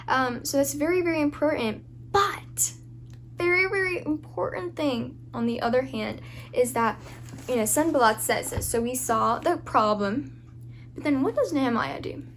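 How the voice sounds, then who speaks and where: A woman's voice: high-pitched, slight background noise. A woman giving an informal devotional talk as a Christian speaker, earnest and full of fillers and restarts.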